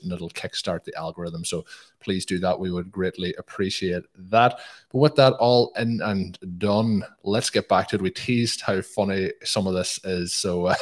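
A man from Ireland hosting a podcast in casual chat, upbeat, with frequent fillers and restarts. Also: low-pitched. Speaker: podcast host.

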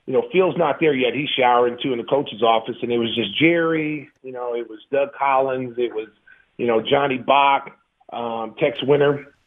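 A former pro basketball player in his fifties tells profane, animated stories in a casual interview, laughing often. His medium-pitched voice moves at a moderate pace over a phone-like line.

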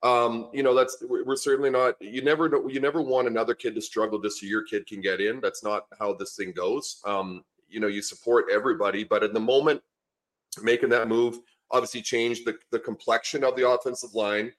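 A man's voice: mid-range voice, fairly even intonation, a little fast. A middle-aged man from Canada, a former lineman and coach, chatting casually as a podcast guest and rambling through stories with lots of fillers and restarts. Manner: easygoing, rambling storyteller with many fillers and restarts.

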